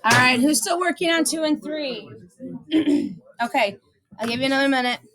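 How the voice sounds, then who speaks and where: A woman's voice: high-pitched, normal speed, fairly bright tone. A middle-aged woman teaching a math class, casual and chatty, mixing instructions with personal stories.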